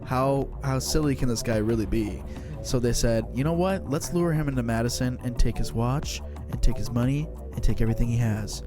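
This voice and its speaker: A man co-hosting a casual podcast, throwing in deadpan quips and joking retellings. His voice sits in a middle range. Music plays clearly behind him. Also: medium pitch, a little fast. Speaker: podcast co-host. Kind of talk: casual chat.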